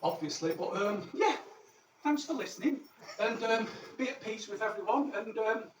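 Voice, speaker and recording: A man's voice: high-pitched, animated, moderate pace. Male comic as boastful Roman legionary, crude and rambling; distant, roomy recording, noisy. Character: cheeky ancient Roman soldier living in Manchester. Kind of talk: character stand-up monologue. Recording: echoey, distant mic, background noise.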